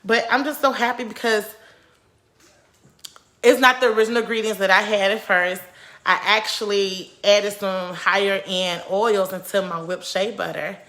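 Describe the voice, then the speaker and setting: A woman's voice: mid-range voice, flat delivery, normal speed, fairly bright tone. A woman who runs a small business tells how she started it, in a chatty way and acting out things she once said. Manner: chatty, acts out her own past remarks. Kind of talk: casual vlog storytelling.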